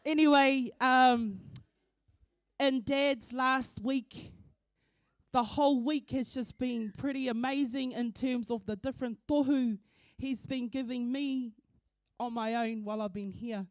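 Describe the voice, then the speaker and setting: High-voiced New Zealand woman telling stories. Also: steady tone, a little slow, no room sound, clean studio sound. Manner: warm, laughing through tears, mixes in Māori words. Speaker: eulogy speaker, daughter of the deceased. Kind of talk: emotional storytelling at a funeral service. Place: church.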